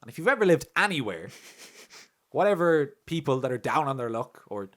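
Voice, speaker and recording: A young Irish man co-hosting a casual podcast, telling stories with lots of swearing, laughter and loud acted-out quotes. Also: medium pitch, moderate pace. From Ireland. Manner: animated, swearing, laughs often, acts out quotes loudly. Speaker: podcast co-host.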